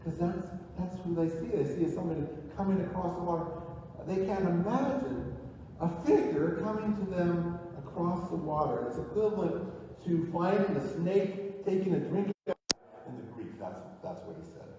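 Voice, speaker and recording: A male pastor preaching a sermon in a church, talking in a conversational way with restarts and dropping low and quiet on key phrases. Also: animated, moderate pace, slight background noise. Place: church sanctuary. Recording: echoey church hall, distant mic, dull and lo-fi.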